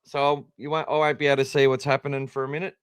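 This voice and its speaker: An Australian man hosting a podcast, chatting casually and rambling a little, teasing himself as he goes. His voice is smooth and clear at a middling pitch, recorded dry and close with no room sound. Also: flat delivery, racing, no echo. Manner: chatty, rambling, self-deprecating. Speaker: podcast host. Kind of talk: casual live-stream chat.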